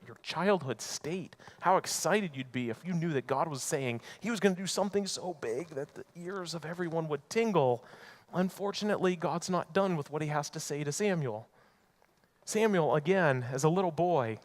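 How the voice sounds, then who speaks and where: A man's voice: a little high, expressive, moderate pace. A man preaching a sermon in a church, telling a Bible story conversationally and acting out the characters' lines. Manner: storytelling with acted-out voices, conversational asides. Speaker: pastor. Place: church sanctuary.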